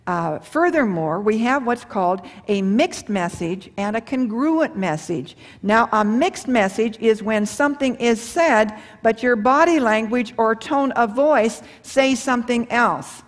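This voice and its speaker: A middle-aged woman giving a live seminar on marriage and communication, talking folksy and animated, with rhetorical questions and acted-out quotes. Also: fairly high pitch, measured pace, hardly any pauses. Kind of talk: seminar talk to a live audience. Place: large hall or church with an audience. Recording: live hall with long reverb.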